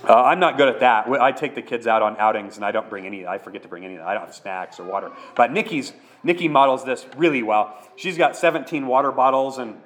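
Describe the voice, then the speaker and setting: A man's voice: mid-range voice, animated, fast talker, few pauses, a bit bright. Male pastor, sermon delivery, earnest and conversational.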